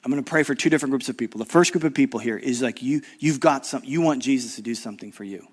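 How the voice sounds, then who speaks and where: A middle-aged man preaching a conference sermon, swinging from loud urgent emphasis to low hushed appeals and acting out the voices of people in the story. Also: quick pace. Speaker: guest preacher.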